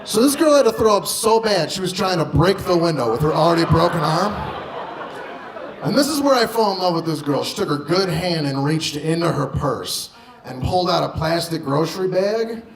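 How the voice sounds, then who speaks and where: A man doing stand-up, telling a story in a loud, punchy way with swearing and acted-out quotes. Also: on the high side, lively intonation, normal speed. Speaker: stand-up comedian. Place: comedy club stage. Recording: roomy club sound with audience noise.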